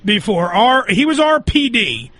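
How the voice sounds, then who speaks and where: A man's voice: sits high, sing-song, a little slow, fairly bright tone, no room sound. A man hosting a crude comedy talk show, telling stories in a rambling, raunchy way. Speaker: radio show host.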